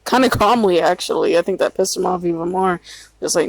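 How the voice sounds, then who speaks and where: A woman speaks softly in a casual storytime monologue, her talk full of fillers and swears. Her voice sits mid-range in pitch. The recording is dry, with no room sound. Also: normal speed, no room sound, rough recording. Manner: quiet-spoken, swears freely, frequent fillers. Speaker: storyteller recounting her past.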